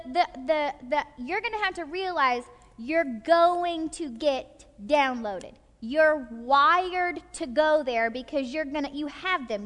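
A woman with a high voice leads a live teaching session for a group, and her speech rings with a long hall reverb. She talks in an animated way, slips into short acted-out voices and keeps checking that her listeners follow along. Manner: animated, acts out quick quoted voices, checks in with listeners often. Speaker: workshop teacher.

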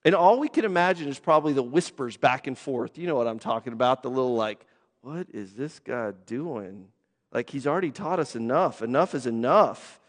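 A man's voice: high-pitched, long reverb tail. A man preaching a sermon as pastor, conversational, with voiced asides and quotes.

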